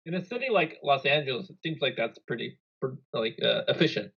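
A man's voice: mid-range voice, expressive, a little fast, gravelly, slightly rough, muffled recording. A man co-hosting a casual podcast who makes dry, sarcastic jokes. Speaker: podcast co-host.

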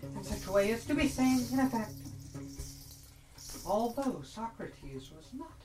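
Woman reading slowly over loud guitar. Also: sing-song. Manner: deliberate, drawn-out phrasing with sweeping pitch. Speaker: reader in an improvised performance. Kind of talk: reading a logic text aloud over improvised music. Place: performance space. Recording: roomy live recording from far off. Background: loud improvised guitar music.

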